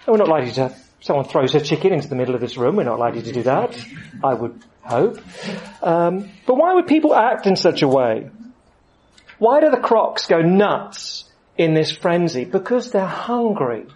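A man preaching a sermon, with lively storytelling and rising emphasis. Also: fairly high pitch, moderate pace, rough recording.

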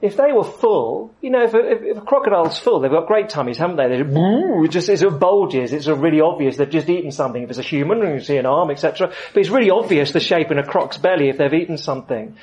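A man preaching a sermon, with lively storytelling and rising emphasis. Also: a little high, fast, hardly any pauses, lo-fi sound.

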